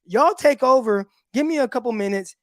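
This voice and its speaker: A man hosting a casual livestream, telling stories in an animated way with laughs, talking into a phone. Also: very high voice, a little fast, no room sound, clean studio sound. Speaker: podcast host and former football player.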